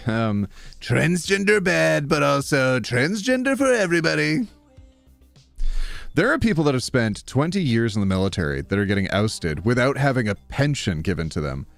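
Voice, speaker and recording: A man chatting casually on a live stream, playful and quick to laugh as he thanks viewers. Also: fairly low pitch. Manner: playful, reads donations aloud, laughs often.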